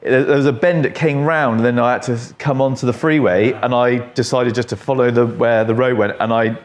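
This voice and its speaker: An English man, a barber, chats away with easy jokes and little stories while he works. His voice sits at an everyday middle pitch, heard in a barbershop with an electric clipper going nearby. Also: fairly even intonation, brisk. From England. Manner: chatty, joking storyteller. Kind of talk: casual chat while cutting hair.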